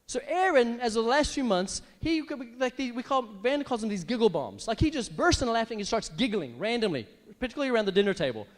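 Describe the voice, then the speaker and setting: A middle-aged male pastor preaching with a very high, lively voice that swoops up and down. His sermon rings through a large hall with a long reverb. He often bursts into exaggerated laughs. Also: fast, few pauses. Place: church hall.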